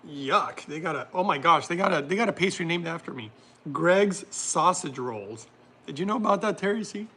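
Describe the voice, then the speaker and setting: A man chats casually on his livestream, reading out comments and joking around with frequent laughs. His voice sits a little high and sounds bright. A faint hiss runs under the recording. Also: expressive, fairly quick. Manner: laughs often, jokey riffs, trailing off. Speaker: livestream host reading chat.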